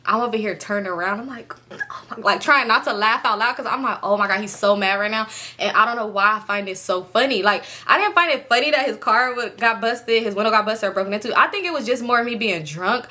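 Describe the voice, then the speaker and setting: A young woman vlogger telling a casual storytime, chatty and animated, swearing freely and laughing often. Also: mid-range voice, quick pace.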